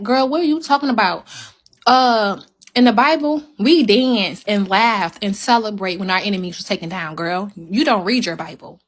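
A woman's voice: mid-range voice, normal speed. A woman ranting heatedly on a phone livestream to her viewers, emphatic and repeating her points.

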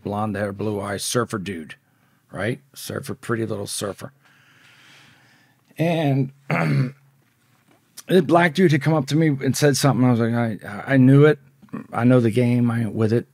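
A man's voice: lowish voice, gravelly, a little mellow, dry recording, clean studio sound. A middle-aged man telling a blunt, profane story as a podcast guest. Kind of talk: storytelling in an interview.

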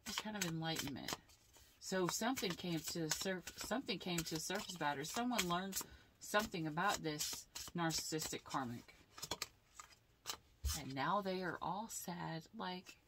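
Blunt, low-voiced woman tarot reader. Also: unhurried. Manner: blunt, animated, swears freely. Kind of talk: casual tarot reading.

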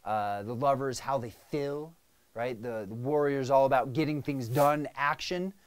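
Man, business coach, casual vlog talk, medium pitch, conversational check-ins. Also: fairly even intonation, moderate pace, clean tone. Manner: conversational, frequent "right?" and "okay?" check-ins.

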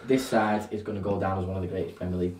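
A man in casual football podcast chat, chatty and quick to laugh. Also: sits low, level tone, a little mellow, far from the mic. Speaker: podcast co-host or guest. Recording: roomy sound, slightly off-mic, faint noise.

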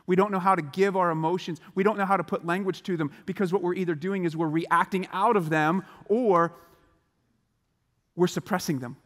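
A man giving a motivational chapel talk to students, animated and acting out the voices of the people in his stories. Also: sits high, brisk, long reverb tail. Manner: animated, acts out quoted voices. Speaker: chapel speaker. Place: large school chapel hall.

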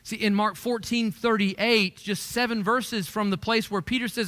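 A man's voice: high voice, fairly even intonation, normal speed, hardly any pauses, sharp tone. A man preaching a sermon in a conversational way, lifting his voice to stress the verses he quotes. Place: church sanctuary. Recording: echoey church hall.

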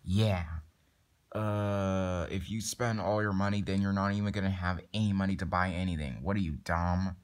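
A man's voice: low voice, steady tone, moderate pace. A young man improvising a toy skit and doing all the voices, rambling with many fillers and restarts. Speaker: plush toy video maker.

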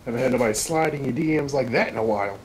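A man giving casual, excitable commentary while playing a video game. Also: medium pitch, rapid-fire, slight background noise. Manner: excitable, reactive, swearing lightly. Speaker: gameplay video creator. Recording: voice over loud game audio.

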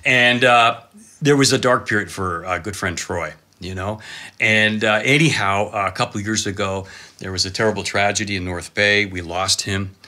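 A man in his fifties, a cameraman guest telling animated, excitable stories full of exclamations. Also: lowish voice, normal speed. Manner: excitable, dramatic storyteller with exclamations and laughs.

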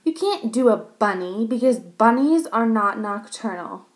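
A cheeky schoolboy who teases and complains loudly, voiced by a woman reading aloud. His lines swing with lively pitch. It is a slow, children's storybook reading. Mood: teasing. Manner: mocking, loud.

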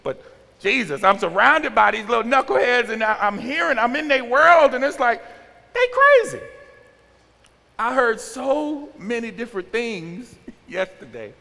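Animated man in his forties preaching. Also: very high-pitched, normal speed, creaky. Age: 40s. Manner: animated, acts out teen slang with exaggerated voices. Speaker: youth pastor. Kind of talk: youth sermon. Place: church sanctuary. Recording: large hall with long reverb.

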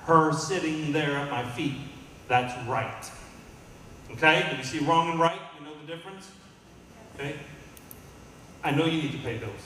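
A man's voice: fairly high pitch, normal speed, long pauses, bright, forceful tone, a little hiss or hum. A male pastor preaching a sermon to his congregation, drawing call-and-response from the room. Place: church sanctuary. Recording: echoey hall, mic at a distance.

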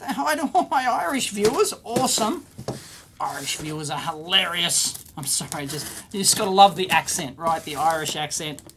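A man's voice: on the high side, animated, moderate pace, background noise. A middle-aged man hosting an electronics video, unboxing viewer mail in casual commentary that is exclamatory, bluntly scornful and full of rambling asides.

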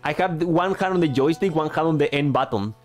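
This fast-talking man, whose first language isn't English, streams a game and chats casually, rambling and joking at his own expense about his push-to-talk gaming microphone while frequently restarting sentences. The stream audio is low quality, with faint music underneath.

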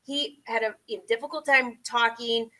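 Bright chatty lady rambling to her viewers from her sewing room, laughs a lot, kinda high voice. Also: fairly even intonation, moderate pace, poor audio. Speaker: sewing vlogger and pattern designer. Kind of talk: casual live chat with viewers. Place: home sewing studio.

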